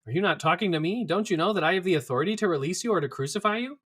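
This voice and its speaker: An uneasy, weary Roman governor pleads with a crowd that will not listen, as a man reads him aloud. The voice sits a little high and bright, with a forceful edge when he presses his questions. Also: very fast, slightly rough. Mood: pleading.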